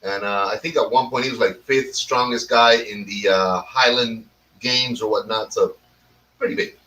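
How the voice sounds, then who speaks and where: A man hosts a laid-back talk show, drifting between topics, ribbing his friends and swearing freely. His voice is bright and sits a little back from the microphone. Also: fairly low pitch, fairly even intonation, normal speed, far from the mic, poor audio. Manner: rambling, teasing, swears freely. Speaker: host of a cigar talk show. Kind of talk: casual chat.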